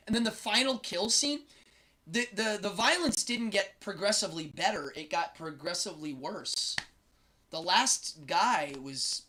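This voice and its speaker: Guy hosting a live stream, chatty and rambly, lively bright voice. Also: sits high. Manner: animated, opinionated, rambling. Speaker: host. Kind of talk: casual live-stream chat.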